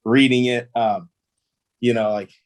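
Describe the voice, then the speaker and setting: A man's voice: medium pitch, steady tone, a little slow. A young man, a pro ballplayer, telling stories in a casual interview, easygoing and rambling with lots of fillers. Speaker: guest, pro baseball player.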